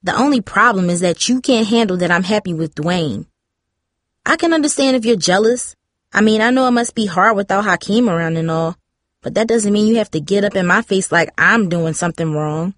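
A woman reading the part of a bold, touchy teenage girl in a storybook, pushy and quick to take offense. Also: mid-range voice, lively intonation, no room sound, clean studio sound, close to an everyday voice. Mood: defensive. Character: teen girl, bold and defensive.

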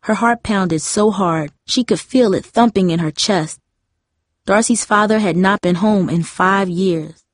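A woman narrating an audiobook in a gentle, even storytelling manner. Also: mid-range voice, a little slow, no echo, studio quality. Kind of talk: audiobook reading.

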